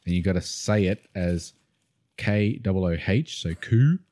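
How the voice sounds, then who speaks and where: A man's voice: low-pitched, animated, unhurried, warm tone. A man co-hosting a podcast, running a word game in easygoing casual chat. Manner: easygoing, spells words out, laughs along. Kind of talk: casual chat among friends.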